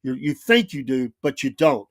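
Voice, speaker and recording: A man's voice: mid-range voice, sing-song, normal speed, no room sound, clean studio sound. A man hosting a talk show, giving emphatic, repetitive political commentary with frequent restarts. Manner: emphatic, repetitive, frequent restarts and "I'm gonna tell you". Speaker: radio talk show host.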